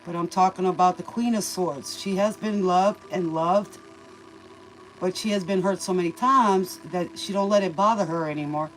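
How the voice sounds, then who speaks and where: A woman's voice: fairly low pitch, moderate pace, faint music behind, rough recording. Folksy woman tarot reader, calls you baby. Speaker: tarot reader and livestream host. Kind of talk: casual spoken tarot reading.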